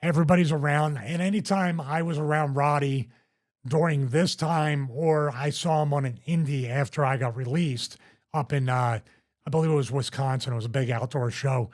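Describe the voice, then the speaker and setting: A man with a fairly high voice speaking at normal speed hosts a wrestling podcast. He's a rambling, animated storyteller sharing backstage tales in casual chat, restarting often.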